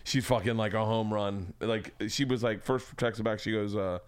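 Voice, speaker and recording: A man's voice: lowish voice, fairly even intonation, moderate pace, clear, resonant tone, no echo. A middle-aged man from Florida, hosting a podcast and telling rambling stories with plenty of swearing. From Tampa, Florida. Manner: rambling storyteller, swears freely. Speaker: podcast host. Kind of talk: casual chat.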